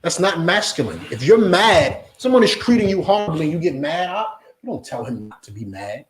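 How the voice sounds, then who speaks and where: A blunt, forceful man preaching a confrontational lesson, and he keeps hammering his points home with repeated questions. His voice sits fairly high for a man. It rings around a reverberant room. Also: sing-song, brisk. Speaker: Hebrew Israelite teacher.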